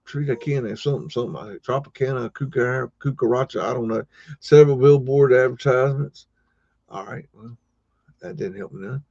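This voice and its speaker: A man's voice: medium pitch, normal speed, gravelly, darkish tone, husky, no room sound. Laid-back rambling man on a live stream. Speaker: host. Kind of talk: casual live commentary on old photos. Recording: dull, dry lo-fi sound.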